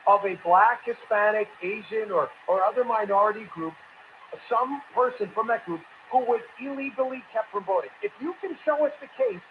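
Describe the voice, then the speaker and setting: A middle-aged man hosting a political talk show, blunt and mocking, repeating his insults. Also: very high-pitched. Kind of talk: combative political commentary. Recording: tinny phone-like audio, faint hiss.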